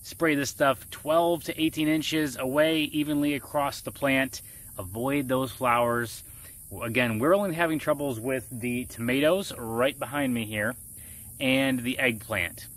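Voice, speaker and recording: A man's voice: medium pitch, a little slow, a bit bright. Chatty man demonstrating in his garden. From Florida. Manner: chatty, explains step by step. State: muffled by a face mask. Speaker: gardening vlogger. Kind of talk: casual how-to vlog. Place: outdoor garden at dusk.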